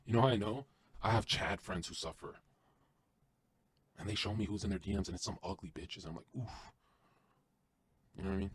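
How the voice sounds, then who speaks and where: A man guesting on a podcast, delivering an intense, profane motivational rant that swings from loud to hushed. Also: low voice, fast talker, pauses often, breathy edge.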